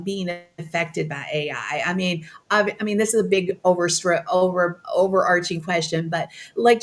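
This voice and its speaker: A woman hosting a casual interview, enthusiastic and encouraging, turning often to speak to her audience. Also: lowish voice. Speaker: host.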